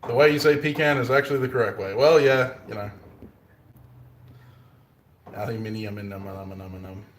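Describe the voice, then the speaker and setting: This Australian bladesmith has a lowish voice with fairly even intonation and a moderate pace, plus a little hiss or hum on the audio. He banters casually on a live stream, punning and laughing often, in an echoey forge workshop.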